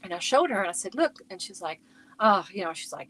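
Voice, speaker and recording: A woman's voice: mid-range voice, animated, a little fast, a bit bright. A middle-aged woman chatting casually on her crochet livestream from home, rambling and talking to viewers by name.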